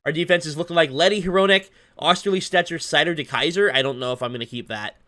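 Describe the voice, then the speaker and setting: A man talking casually over a hockey video game, chatty and self-deprecating, his voice a bit hoarse from long recording. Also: fairly high pitch, quick pace, bright, forceful tone. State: losing his voice, slightly hoarse. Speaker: gaming YouTuber. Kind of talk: casual gameplay commentary. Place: at his desk at home.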